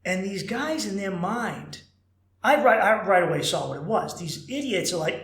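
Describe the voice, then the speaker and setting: Animated, swearing male podcast host. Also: high-pitched, moderate pace, roomy sound. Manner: animated storyteller, acts out quotes, swears freely. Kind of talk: casual podcast monologue.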